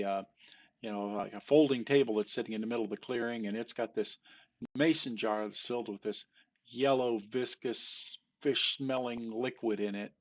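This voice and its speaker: A man's voice: fairly low pitch, muffled recording. A man telling a long joke in a casual, rambling way, with many fillers and restarts. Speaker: joke teller. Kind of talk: casual storytelling.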